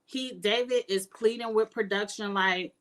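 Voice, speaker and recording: A woman's voice: mid-range voice, fairly even intonation, unhurried, slight background noise. A woman giving outspoken, emphatic casual commentary as a reality TV reviewer.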